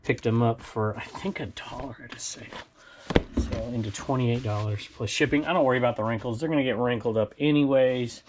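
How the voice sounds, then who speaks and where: A man talks his way through a casual reseller vlog, rambling from one bin to the next and chuckling at his own asides. His voice sits at an ordinary middle pitch, and a faint hiss runs underneath. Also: brisk. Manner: rambling, chatty, chuckles to himself. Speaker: online reseller showing sold items. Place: indoor storage room with bins.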